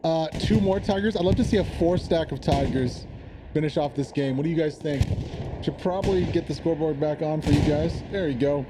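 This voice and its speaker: A man giving casual live commentary on an online war game match, chatty and quick to laugh. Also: fairly high pitch, noisy background. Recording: game gunfire and explosions behind.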